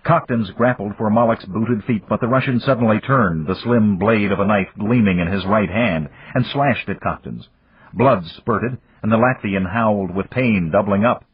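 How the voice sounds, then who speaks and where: A man reading an action novel aloud in an expressive storytelling manner, with a husky voice. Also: lowish voice, moderate pace, no room sound. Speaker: audiobook narrator. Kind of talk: scripted narration. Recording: dull lo-fi dry recording.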